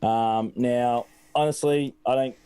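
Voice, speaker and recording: A man's voice: mid-range voice, fairly even intonation, takes it slowly, mellow, clean tone. A man hosting a live gaming stream, joking and teasing his co-hosts in casual chat. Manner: joking, teasing, laughs often. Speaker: host.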